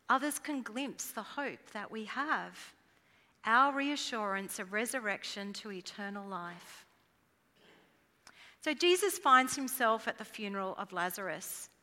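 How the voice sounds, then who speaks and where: A woman preaching a sermon in an earnest, measured way, dropping her voice at solemn lines. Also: a little high, bright, forceful tone, big-room sound.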